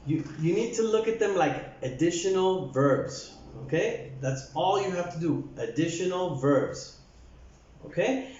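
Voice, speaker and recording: A man teaching an English lesson to Spanish speakers, speaking slowly and repeating words for practice. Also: high voice, animated, a little mellow, a little hiss or hum. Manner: slow, repeats words for drills. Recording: echoey, dull lo-fi room sound.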